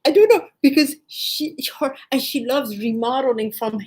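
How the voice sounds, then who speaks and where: A woman's voice: high voice, moderate pace, a little mellow. A woman co-hosting a casual chat, speaking emphatically and often jumping in to correct the story. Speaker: co-host.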